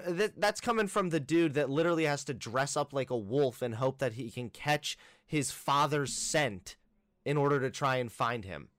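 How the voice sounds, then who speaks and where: A man's voice: mid-range voice, a bit bright, no echo. A man giving reaction commentary, sarcastically rebutting a critic point by point. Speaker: commentary YouTuber.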